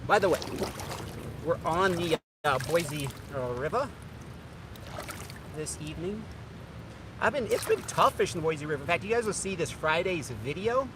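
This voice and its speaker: A man's voice: on the high side, lively intonation, normal speed, long pauses. A man casually chatting to his livestream viewers while cooking outdoors on a riverbank, upbeat and talking straight to the camera on a tripod. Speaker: fishing vlogger. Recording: outdoor camera audio with loud ambient noise.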